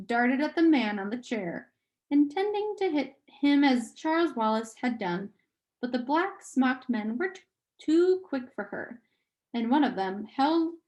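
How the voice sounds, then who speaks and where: Woman reading a book out loud, kinda high voice, fixes her stumbles as she goes. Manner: steady reading with occasional restarts. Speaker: audiobook reader. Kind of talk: reading a novel aloud.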